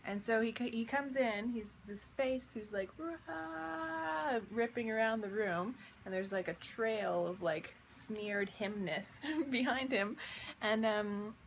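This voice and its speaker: A vlogger and visionary artist, newly awake, unhurriedly recounts a dream in a medium-pitched, fairly even voice. She wanders through it casually and wonderingly, full of fillers, with a little hiss or hum in the audio.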